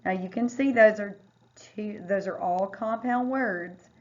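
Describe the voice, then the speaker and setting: A woman teacher walks young readers through a phonics lesson. She speaks at an unhurried pace and sounds out each word piece by piece. The recording is a little dull and lo-fi. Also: mid-range voice, darkish tone. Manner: slow, careful word-by-word sounding out.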